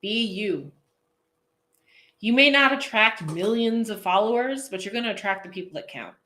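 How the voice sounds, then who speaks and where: A woman's voice: medium pitch, expressive, normal speed, pushed and bright. A woman coaching viewers in a casual live-stream chat, chatty and goofy, laughing often and answering comments aloud. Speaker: posing coach hosting a live feed.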